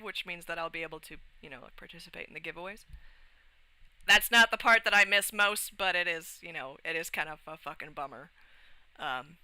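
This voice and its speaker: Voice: medium pitch, sharp tone, clear, resonant tone, dry recording, rough recording. A young adult livestreamer chatting casually and rambling, with frequent restarts, swearing and laughs. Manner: laughs often while talking.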